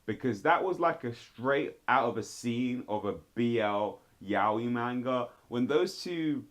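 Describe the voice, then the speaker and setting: Animated man reviewing a show. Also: slow pace. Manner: animated, exclaiming, big pitch jumps; blunt, addresses people directly. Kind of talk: casual commentary video.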